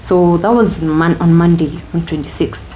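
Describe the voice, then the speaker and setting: A young woman with a Kenyan accent shares a personal story in an interview. Her voice sits low and sounds dark and soft, and she talks reflectively, moving between English and Swahili phrases. A light background hiss runs under the recording. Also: moderate pace. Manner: candid, reflective, switches into Swahili phrases mid-sentence. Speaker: interview guest.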